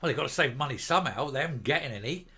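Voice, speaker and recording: A man's voice: mid-range voice, lively intonation, rapid-fire, sharp tone. An older man reads out news items and mocks them in a sarcastic, scornful rant as the host of a political commentary show. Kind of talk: reading news and ranting.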